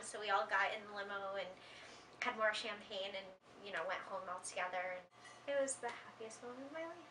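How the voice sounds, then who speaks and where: A woman telling a story with excitement, acting out what others said. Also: mid-range voice, quick pace, a little hiss or hum. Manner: excited and animated, acts out quotes. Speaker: interviewee. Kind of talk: casual storytelling. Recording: roomy and distant from the mic.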